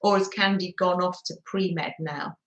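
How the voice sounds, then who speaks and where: A woman's voice: lowish voice, fairly even intonation, unhurried, echoey room, slight background noise, low-quality recording. An English woman hosting a live crafting stream, chatting to viewers in a gushing way with frequent little laughs. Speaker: craft livestream host.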